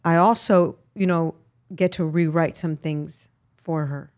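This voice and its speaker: A middle-aged woman from Miami, a guest actress, chatting casually in an interview and telling animated stories with frequent laughs. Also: low-pitched, measured pace. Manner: animated storyteller, laughs often, lively asides.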